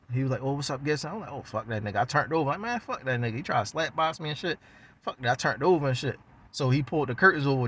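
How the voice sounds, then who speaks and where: A man's voice: medium pitch, a bit bright, a little hiss or hum. A man from West Baltimore with a Baltimore accent, telling a story in a casual, profane, slangy way and acting out other people's lines.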